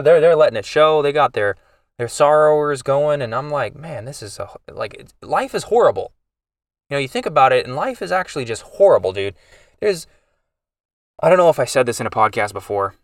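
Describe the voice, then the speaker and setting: A man's voice: mid-range voice, dry recording, clean studio sound, distant mic. A man hosting a podcast, telling an emotional family story in a rambling, casual way with many restarts. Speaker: podcast host.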